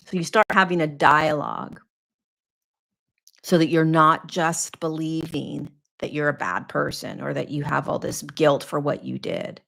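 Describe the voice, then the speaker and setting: Woman host, spiritual teacher, low-pitched and gravelly, earnest coaching delivery with repetitions. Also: normal speed, fairly bright tone. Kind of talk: live Q&A talk.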